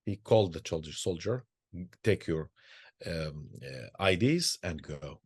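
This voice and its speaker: Older halting man, husky. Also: deep voice, lively intonation, dry recording. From Israel. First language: Arabic. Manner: halting, with many repeated words and restarts. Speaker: Sufi sheikh and peacemaker. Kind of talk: personal storytelling talk.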